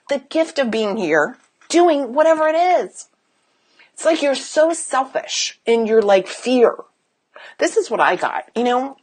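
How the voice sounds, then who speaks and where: Fired-up woman coach talking straight to camera, cusses a lot, voice on the high side and bouncing all over. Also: expressive, unhurried. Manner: blunt, emphatic, swears freely; rhetorical questions to the viewer. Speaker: business coach. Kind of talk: motivational direct-to-camera talk.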